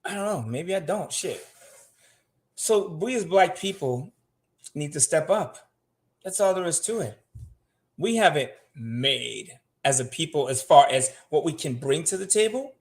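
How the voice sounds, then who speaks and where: A man's voice: fairly high pitch, animated, measured pace. A man talking frankly in casual livestream style, swearing freely and answering viewer comments from his home. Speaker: guest on a finance show. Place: home room.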